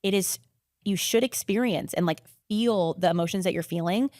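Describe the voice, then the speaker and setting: A young adult woman, a podcast guest in casual conversation, talking quickly and filling her sentences with "like" and "you know what I mean.". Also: mid-range voice, a little mellow, dry recording, clean studio sound.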